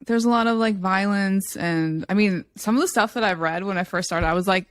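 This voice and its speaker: A woman co-hosting a casual talk, telling stories in an animated way and acting out what other people said. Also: medium pitch, a little fast, hardly any pauses, dry recording, clean studio sound. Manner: animated storytelling, acts out quoted people in a raised voice. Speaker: podcast co-host. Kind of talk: casual chat.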